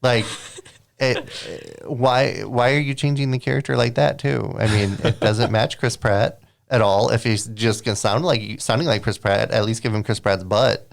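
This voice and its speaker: A man's voice: mid-range voice, normal speed, vocal fry. A man co-hosting a gaming podcast in casual, joking chat. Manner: frequent "mm-hmm" backchannels, joking. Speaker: podcast co-host.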